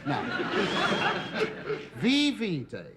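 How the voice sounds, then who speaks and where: A cheeky Roman slave, swooping up and down as he confides in the audience. His asides are camp and full of innuendo. The recording carries loud background noise and studio laughter. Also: on the high side, wildly swooping pitch, drawn-out words, heavily acted. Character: cheeky middle-aged male slave narrator, knowing asides. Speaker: narrator of the prologue. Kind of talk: sitcom stand-up address.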